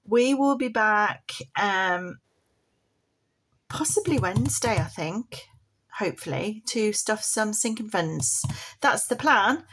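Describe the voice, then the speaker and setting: A woman's voice: medium pitch, expressive, slow, fairly bright tone, husky. A woman chatting homely and casually to viewers on a budgeting vlog. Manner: chatty, homely, affectionate terms like bab and chick. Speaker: budgeting vlogger.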